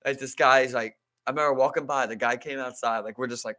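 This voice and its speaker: A man's voice: mid-range voice, quick pace, fairly bright tone. A man co-hosting a podcast, chatting casually in a slangy, laid-back storytelling way and laughing often. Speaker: podcast co-host. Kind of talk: casual chat.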